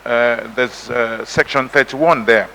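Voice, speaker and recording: Bright-voiced man, hesitant floor remark. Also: mid-range voice, slow, gravelly, slight background noise, rough recording. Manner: hesitant, with fillers. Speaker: legislator.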